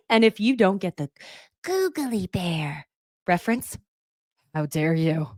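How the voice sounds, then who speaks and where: A woman's voice: lowish voice, no room sound, clean studio sound. A woman chatting casually as she recaps a reality show, gushing and often laughing. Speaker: recap host.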